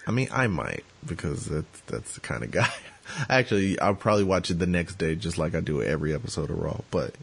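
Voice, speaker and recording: A man's voice: low-pitched, animated, fairly quick, gravelly, breathy edge. A man hosting a podcast in casual chat, rambling and joking with lots of fillers and restarts. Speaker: podcast host.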